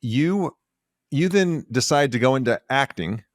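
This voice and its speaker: A man's voice: medium pitch, lively intonation, unhurried, no echo, clean studio sound. A man in his fifties hosting a podcast interview, asking long, enthusiastic, rambling questions. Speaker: podcast host. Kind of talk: casual interview.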